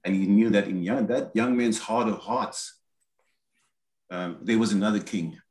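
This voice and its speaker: Low-voiced man preaching in an echoey room. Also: a little slow, darkish tone. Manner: expository, quotes scripture in acted asides. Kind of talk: sermon. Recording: roomy echo.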